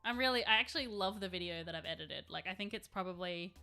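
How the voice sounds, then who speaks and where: On a live stream, a woman with a bright, clear, lowish voice talks fast as she paints. She rambles chattily and responds to her chat, with faint music playing quietly in the background.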